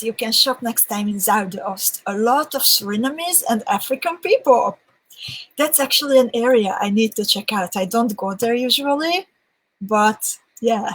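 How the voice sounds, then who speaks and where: A woman's voice: fairly high pitch, breathy edge, rough recording. A woman hosting a live beading session in a casual, chatty way. She reads viewer comments aloud and often laughs between them. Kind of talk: casual livestream chat.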